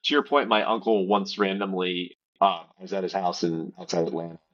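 A man's voice: deep voice, steady tone, fairly quick, fairly bright tone, dull audio. A man on a remote podcast call, telling a rambling story in casual chat with swearing and fillers. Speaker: podcast co-host.

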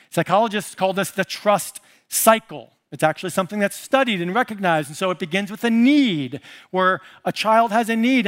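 A middle-aged man, a pastor delivering a sermon, emphatic and playful, with big swings of pitch and loudness. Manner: playful asides and mimicry.

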